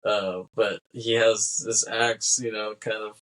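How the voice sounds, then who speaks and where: A man's voice: on the low side, little pitch movement, slow pace, a bit bright, poor audio. A man co-hosting a film podcast, chatting casually and laughing often as he retells scenes. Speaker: podcast co-host. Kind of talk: casual film-discussion chat.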